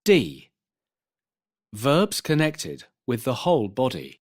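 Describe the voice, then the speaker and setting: A man announcing section headings of a vocabulary textbook in a drawn-out, emphatic way. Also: medium pitch, wildly swooping pitch.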